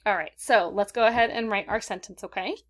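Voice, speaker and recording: A woman teacher giving a recorded vocabulary lesson to children in an upbeat manner, slowing down to stress key words. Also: mid-range voice. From California. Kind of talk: recorded classroom lesson for kids.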